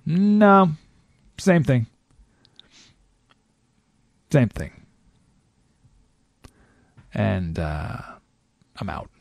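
Animated talk-show man, lively and gravelly. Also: drawn-out words, long pauses, dry recording. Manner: animated, mocking, mimics people in high voices. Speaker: radio talk show host. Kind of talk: monologue commentary.

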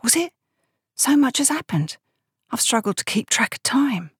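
A woman's voice: fairly high pitch, very animated, normal speed, slightly rough, no echo, studio quality, pitched above the performer's own voice, heavily acted. A woman voicing a shaken, weary young male private in an audiobook, talking earnestly and with some hesitation.

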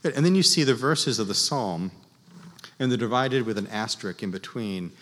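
A man teaching church music to a class, explaining in an unhurried, halting way with many fillers. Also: on the low side, expressive, fairly bright tone. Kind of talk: class lecture leading group chant. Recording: long reverb in a large hall.

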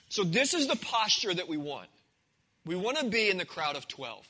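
Pastor type, high and very bright voice, relaxed storytelling delivery. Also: male voice, poor audio. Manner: conversational storytelling, acting out the scenes. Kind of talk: sermon.

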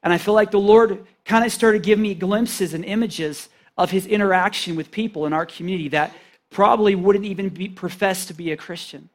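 Man with a high-pitched voice, preaching casually and earnestly, with restarts. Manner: earnest, conversational, with restarts and paraphrased quotes. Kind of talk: informal sermon.

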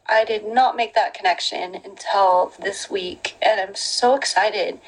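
A woman's voice: mid-range voice, low-quality recording. A woman hosting a podcast, talking about faith in a casual devotional way, earnest and full of fillers like "like" and "you know". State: getting emotional near the end. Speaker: podcast host.

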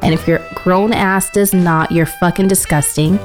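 A woman's voice: fairly low pitch, fairly even intonation, moderate pace, soft background music. A woman co-hosting a radio podcast in casual chat, blunt, profane and opinionated. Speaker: podcast co-host. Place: podcast studio.

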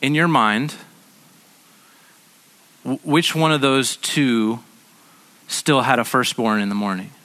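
Man, pastor, sermon, conversational, repeats himself, middle pitch. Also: takes it slowly, pauses often, bright, forceful tone. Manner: conversational, repeats words as he restarts.

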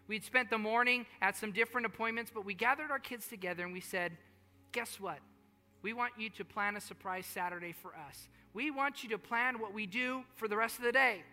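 A man preaching a sermon as pastor, earnest and repetitive, moving between hushed storytelling and rising appeals. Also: sits high. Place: large church hall. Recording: long hall reverb with faint music.

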